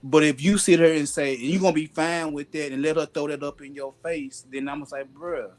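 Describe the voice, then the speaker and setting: A man holds forth as host, animated and full of slang. His voice sits somewhat high for a man. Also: brisk. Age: adult with a daughter. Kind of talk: casual chat.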